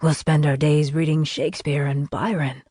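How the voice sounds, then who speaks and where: A woman doing a smooth-talking young suitor, lowered voice. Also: level tone, moderate pace, mellow, dry recording, studio quality. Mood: coaxing.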